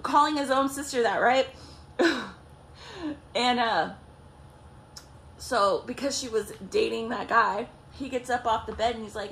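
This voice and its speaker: A woman's voice: fairly high pitch, moderate pace, a little hiss or hum. A young woman vlogger telling a story casually, swearing a lot and acting out what people said. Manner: profane, animated, acts out quotes.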